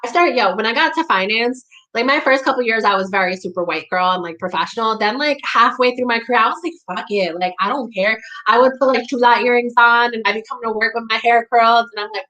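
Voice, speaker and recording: A young woman from the New York area speaking candidly in conversation, blunt and profane, with a steady stream of "like" and "you know". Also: fairly high pitch, fast talker, few pauses, low-quality recording. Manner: blunt, profane, heavy use of "like".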